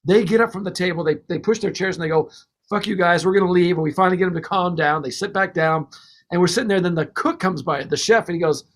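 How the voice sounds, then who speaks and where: A man, a record producer, telling stories in a casual podcast interview, animated and laughing as he goes. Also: sits high, fast.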